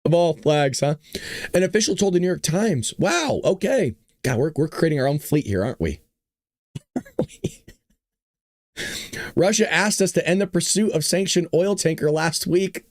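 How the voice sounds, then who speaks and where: A hoarse man hosting a casual political commentary show, joking and talking to his audience. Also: a little high, normal speed, no echo, clean studio sound. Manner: animated, joking, talks to the audience. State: hoarse, voice worn out. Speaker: show host.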